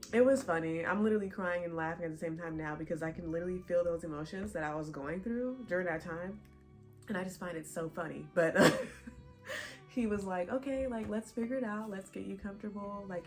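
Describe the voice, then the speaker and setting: A woman's voice: lowish voice, fast, faint music behind. A young pregnant woman chatting casually to her viewers, laughing often as she tells a story. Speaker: vlogger. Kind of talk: casual chat.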